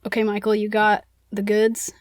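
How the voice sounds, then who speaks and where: A woman's voice: medium pitch, monotone, moderate pace, dry recording, studio quality. A young woman co-hosting a podcast, casually recapping a book in a chatty way, filling with "like". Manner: chatty, heavy use of "like". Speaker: podcast co-host.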